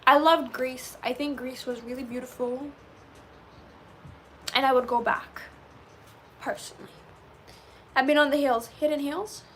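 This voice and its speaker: High-voiced young woman chatting to her stream. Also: slight background noise. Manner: chatty and animated, says "like" often. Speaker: livestreamer reading chat. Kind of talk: casual chat with live viewers.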